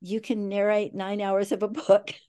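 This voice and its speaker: A woman author as a guest, talking in a relaxed, friendly way during a video call interview. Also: medium pitch, normal speed, clean tone. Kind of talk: casual interview chat.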